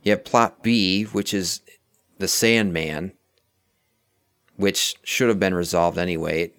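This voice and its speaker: Deep-voiced man rambling through a film breakdown. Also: fairly even intonation, takes it slowly, a bit bright, smooth, no echo. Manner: rambling, self-correcting, analytical. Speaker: film review co-host. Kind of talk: casual movie discussion. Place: outdoors near a street.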